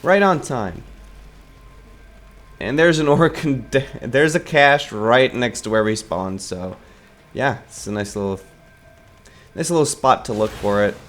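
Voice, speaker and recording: A man's voice: mid-range voice, unhurried, long pauses, a bit bright, soft background music. A man giving loose, rambling gameplay commentary, swearing casually and joking at his own expense. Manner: self-mocking asides.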